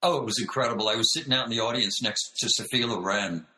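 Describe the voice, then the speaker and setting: A man, a director and choreographer, telling animated stories in an interview over a video call, acting out the voices of people he quotes. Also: mid-range voice, quick pace, echoey room, poor audio. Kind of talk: storytelling interview.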